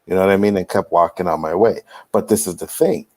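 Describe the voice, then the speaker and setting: A man's voice: low-pitched, fast, darkish tone. A man on a casual panel show, from Canada, telling a personal story with lots of "you know what I mean".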